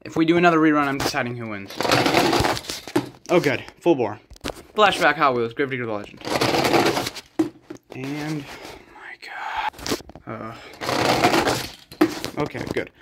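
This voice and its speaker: A man giving quick, excitable play-by-play commentary of toy truck races on a rug at home. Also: mid-range voice. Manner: quick excitable race calls with sudden exclamations. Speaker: race commentator and organizer. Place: indoors at home on a rug floor. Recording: loud background noise with clicks.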